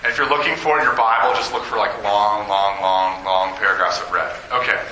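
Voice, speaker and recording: A man preaching in a chatty, self-deprecating way, his voice bright and forward. He is picked up from a distance in an echoey room. A faint hum of ambience sits underneath. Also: fairly low pitch, fairly even intonation, fairly quick. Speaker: campus ministry preacher. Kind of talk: informal sermon. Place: meeting room with an audience.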